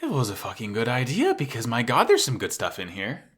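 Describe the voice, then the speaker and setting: A man co-hosting a podcast, chatting excitably and swearing often. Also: mid-range voice, brisk. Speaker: podcast co-host. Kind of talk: casual chat.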